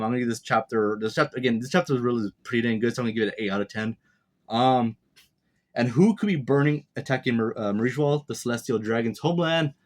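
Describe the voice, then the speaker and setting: A man casually reviewing a comic chapter, rambling and speculating aloud with many fillers and restarts. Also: medium pitch. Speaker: manga reviewer. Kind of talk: casual commentary.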